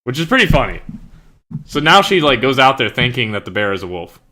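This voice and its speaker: A man's voice: medium pitch, big pitch swings, fairly quick, bright, forceful tone. A young man chatting casually and rambling, with lots of "like" fillers and frequent laughter. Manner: laughs often. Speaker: streamer and author. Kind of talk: casual chat.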